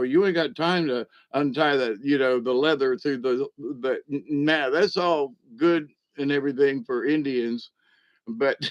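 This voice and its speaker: A man's voice: medium pitch, no echo. A man telling a rambling comic story in a casual way, chuckling and acting out other people's voices as he goes. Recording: dull lo-fi dry recording.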